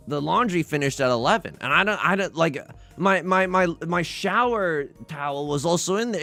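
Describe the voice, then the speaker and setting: A young man chatting casually while streaming a mahjong game, rambling and self-deprecating, with nervous asides and sudden loud outbursts. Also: a little high. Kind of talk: casual livestream chat while playing mahjong.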